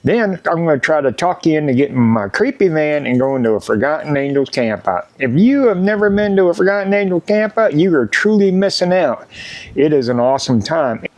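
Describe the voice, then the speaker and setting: A man's voice: fairly high pitch, sing-song, brisk, a little mellow, no echo. A middle-aged man, talking casually to camera in a vlog with joking, folksy plugs, feeling a little unwell. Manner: joking, folksy, hypes merch and sponsors. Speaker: motorcycle YouTuber. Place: at home in front of set-up cameras.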